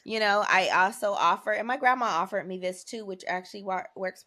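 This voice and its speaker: A woman teacher co-hosting a podcast in casual chat, telling lively stories and laughing often. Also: medium pitch, brisk, a crowd in the background.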